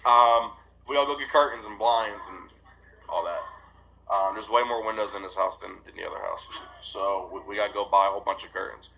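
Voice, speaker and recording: Bright-voiced man telling a casual story. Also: on the low side, fairly quick, vocal fry, a little hiss or hum, poor audio. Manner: rambling, animated retelling with quoted dialogue. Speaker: vlogger. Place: new house with no furniture yet.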